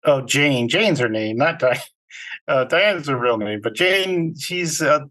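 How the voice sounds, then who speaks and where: A man's voice: on the high side, expressive, slow, pushed and bright. Man casually recapping a film. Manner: rambling recap with fillers and laughs. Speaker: podcast co-host. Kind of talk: casual movie review chat.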